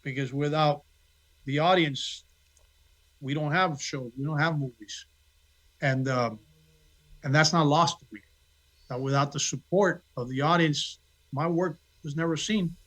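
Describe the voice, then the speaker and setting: A man's voice: fairly high pitch, unhurried, pauses often, fairly bright tone, poor audio. A man, an actor guest on a podcast, talking casually and self-deprecatingly with little asides. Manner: self-deprecating, acts out quoted dialogue. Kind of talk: casual interview chat.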